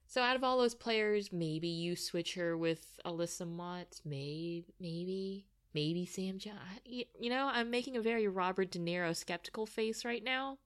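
On a soccer podcast, a woman co-host with a mid-range voice speaks unhurriedly and with few pauses. She breaks down rosters casually and analytically, tossing in dry, teasing asides.

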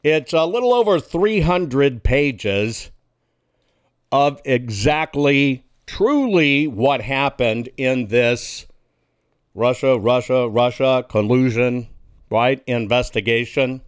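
A man's voice: medium pitch, expressive, slow, clear, resonant tone, no room sound, studio quality. A male talk radio host delivering a combative monologue and building up a hypothetical scenario. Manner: combative, emphatic, insulting opponents.

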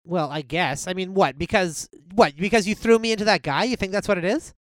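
A man's voice: high-pitched, fairly quick, fairly bright tone, dry recording. A man hosting a comedy show, playing an improvised sketch with eager, emphatic agreement.

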